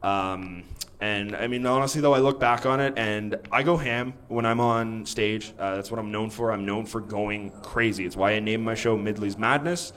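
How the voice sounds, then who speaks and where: Low-voiced man chatting on a panel. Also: moderate pace, few pauses, fairly bright tone. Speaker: performer on a panel. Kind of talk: casual panel chat.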